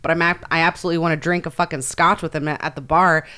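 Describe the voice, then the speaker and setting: A young woman co-hosting a laid-back podcast, her voice lower than most and smooth in tone. She talks with eager enthusiasm, swears casually and laughs easily. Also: fairly even intonation, quick pace, pushed and bright. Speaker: podcast co-host. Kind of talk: casual comedic chat.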